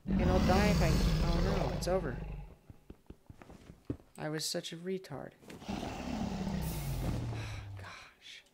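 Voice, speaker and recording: A man talking through his gameplay in a casual, self-deprecating way. His voice sits a little high. Loud noise and clicking run under the recording. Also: steady tone, unhurried, pauses often. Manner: self-deprecating, groaning at his own mistakes. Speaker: gaming streamer.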